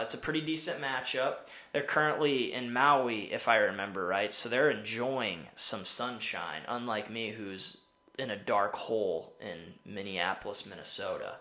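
A man hosts a casual sports podcast and voices strong opinions in an easygoing, rambling flow. He often stops himself mid-sentence and restarts. His voice sits at an ordinary middle pitch. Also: bright, forceful tone. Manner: rambling, opinionated, self-interrupting. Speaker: podcast host. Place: home in winter city.

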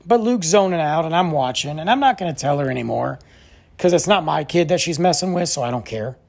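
A man hosting a podcast who tells a story in a casual, animated, exasperated way and says "like" often. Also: fairly high pitch, brisk, vocal fry. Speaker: podcast host.

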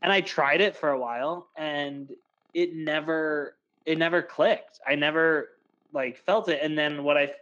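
A young man co-hosting a casual podcast, his voice sitting a little higher than most men's. He rambles through stories with plenty of "like" and quoted asides. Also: fairly even intonation, measured pace, a bit bright, lo-fi sound. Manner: chatty, storytelling with lots of "like". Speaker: podcast co-host. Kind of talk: casual chat.

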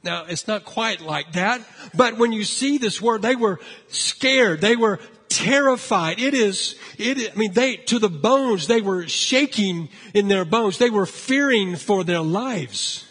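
High-voiced, husky man preaching. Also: takes it slowly, big-room sound. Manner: animated storytelling, acting out frightened voices. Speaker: pastor. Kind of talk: sermon.

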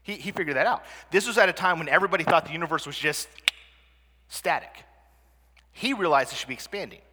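A man's voice: fairly high pitch, quick pace, sharp tone, a little hiss or hum. A man giving a conversational presentation to a live audience as a teacher, often asking the listeners questions. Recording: long reverb of a hall.

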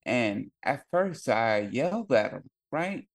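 A man's voice: mid-range voice, sing-song, takes it slowly, creaky. A young adult man, a podcast co-host, telling a family story in casual chat with many fillers and some swearing.

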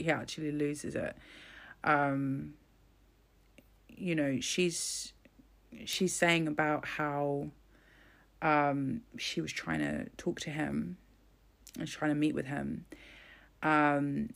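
A woman giving casual, opinionated commentary in a blunt, scornful way, swearing freely and filling pauses with "um". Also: sits low, gravelly, a bit bright.

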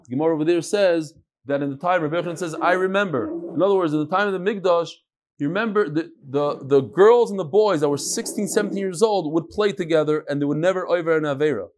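A man with a fairly high speaking voice leads an informal Talmud class in a room with listeners. He drifts from the text into asides and wisecracks, dropping Hebrew and Yiddish terms into his English as he goes. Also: quick pace, darkish tone, a little hiss or hum. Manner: digressive and joking, mixing in Hebrew and Yiddish terms. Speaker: rabbi teaching a class. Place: classroom with a live audience.

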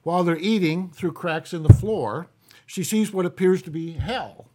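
Man, podcast co-host, folksy joke telling, slightly high pitch. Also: moderate pace, a little mellow. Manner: folksy, chuckling between jokes.

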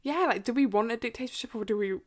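Talking fast in a slightly high voice, this podcast co-host is a young woman from England with an English accent. On her casual book podcast she chats freely, fills her speech with fillers, and breaks into laughter frequently.

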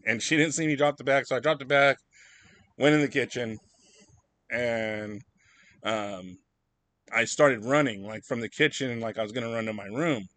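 A man's voice: mid-range voice, normal speed, pauses often, fairly bright tone, dry recording. A young man hosting a casual podcast, telling rambling, profane stories. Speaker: podcast host.

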